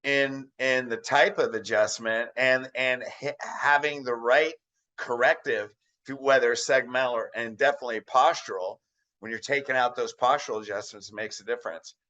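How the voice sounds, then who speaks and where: Bright-voiced chiropractor man urging colleagues. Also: medium pitch, steady tone, moderate pace, lo-fi sound. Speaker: chiropractor, podcast co-host. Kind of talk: casual podcast chat.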